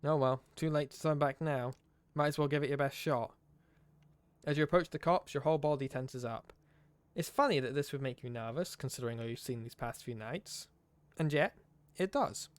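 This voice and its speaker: A man streaming, reading a game's story aloud with expressive narration and wry asides. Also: mid-range voice, moderate pace, no echo.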